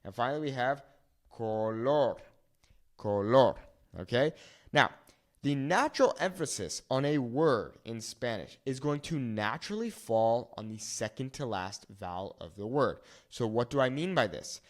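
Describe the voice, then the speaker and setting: A man teaching a lesson at a whiteboard, repeating words slowly to show how they sound. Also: medium pitch, animated. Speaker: Spanish teacher.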